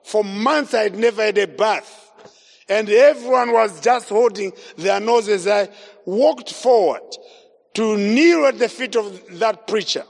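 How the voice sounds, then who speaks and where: A man with a high voice preaches his life story to a congregation, throwing himself into each scene and acting out every voice he quotes. His words ring out with a long hall reverb. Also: measured pace, gravelly. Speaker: evangelist. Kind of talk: testimony sermon.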